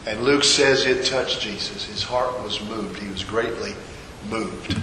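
A man's voice: on the low side, a little slow, background noise. Man preaching a sermon in an echoey hall. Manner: storytelling, voices the figures' quoted lines, rhetorical questions.

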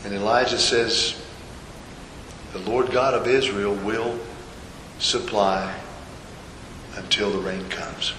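A man's voice: fairly low pitch, steady tone, slow pace, pauses often, roomy sound, long reverb tail, background noise. A man preaching a sermon, retelling a scripture story and repeating rhetorical questions. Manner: storytelling, voices the figures' quoted lines, rhetorical questions.

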